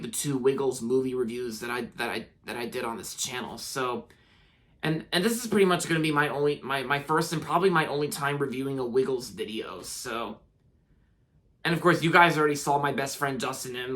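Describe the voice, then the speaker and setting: A man's voice: mid-range voice, a bit bright. A young man from the United States giving a casual spoken video review. He rambles, restarts his sentences often and leans on filler words.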